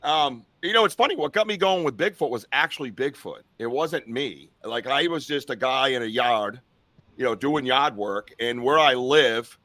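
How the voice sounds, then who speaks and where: A man's voice: medium pitch, lively intonation, moderate pace, pushed and bright, dry recording. A man from Massachusetts with a Boston accent, a guest telling stories in an upbeat, chatty way. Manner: upbeat, chatty, laughs easily. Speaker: podcast guest, Bigfoot researcher. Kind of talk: casual storytelling.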